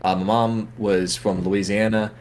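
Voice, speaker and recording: A man's voice: lowish voice, little pitch movement, measured pace, a little mellow, a little hiss or hum. A man with a Georgia Southern accent, the guest in a casual interview, rambling with lots of filler words. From born in Florida, raised in Georgia. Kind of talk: casual chat.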